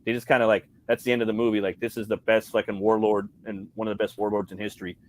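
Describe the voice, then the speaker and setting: A man's voice: on the low side, little pitch movement, fast. A man co-hosting a casual movie chat, rambling and swearing a lot, with frequent "you know what I mean". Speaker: co-host. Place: convention livestream.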